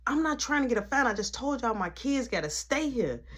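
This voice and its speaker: A woman's voice: a little high, sing-song, a little fast, fairly bright tone, slightly rough, exaggerated voice. A storyteller voicing Lala, a stern young woman warning two sisters to stop fighting.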